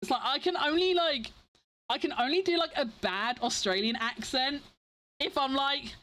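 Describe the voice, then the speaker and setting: Her voice sits high, pushed and bright, at a moderate pace. She's a young English-accented woman casually talking with stream viewers in a meandering way, full of fillers and cutting herself off to start again.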